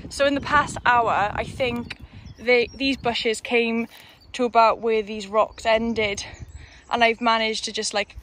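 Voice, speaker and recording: A woman's voice: on the high side, fairly bright tone, slight background noise. A woman chatting casually and self-deprecatingly in a vlog at her outdoor allotment. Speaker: allotment vlogger. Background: birdsong and outdoor ambience.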